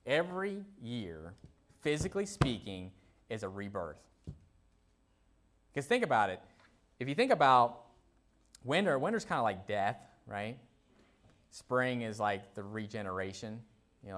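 A man delivering a sermon in an easy, talkative manner, full of playful asides and casual turns of phrase. His voice sits at an ordinary, mid-range pitch for a man. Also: big pitch swings, moderate pace, long pauses, a bit bright. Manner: conversational, folksy preaching with playful asides. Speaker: pastor.

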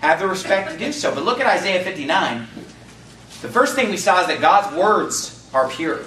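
Bright-voiced fervent preacher man, echoey church. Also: high-pitched, sing-song, slight background noise. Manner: preaching, fervent emphasis, reads scripture slowly. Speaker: pastor. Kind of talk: sermon. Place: church sanctuary. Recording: echoey church room, mic at a distance.

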